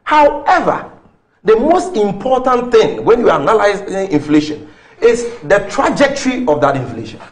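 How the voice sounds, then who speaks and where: A man's voice: sits high, big pitch swings, moderate pace. A man with a Ghanaian English accent arguing politics on a talk show, firing off rhetorical questions and figures. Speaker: political commentator.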